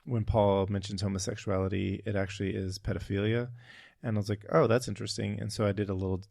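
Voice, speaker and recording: A man's voice: fairly low pitch, level tone, fast, creaky, a little mellow, no room sound, studio quality. A man co-hosting a casual podcast chat, thoughtful and searching for his words. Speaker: podcast co-host.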